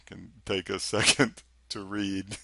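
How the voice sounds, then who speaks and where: A man's voice: sits low, little pitch movement, takes it slowly, gravelly, noisy background. A man teaching a recorded technical lesson in a chatty, conversational way, often asking rhetorical questions. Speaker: instructor.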